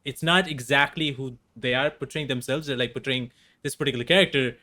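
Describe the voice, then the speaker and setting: A male podcast host with a mid-range voice chats with his guest. He sounds enthusiastic and agreeable, with casual, excited phrasing. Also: mid-range voice, brisk. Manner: enthusiastic, frequent laughs and agreeing. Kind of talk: casual interview chat.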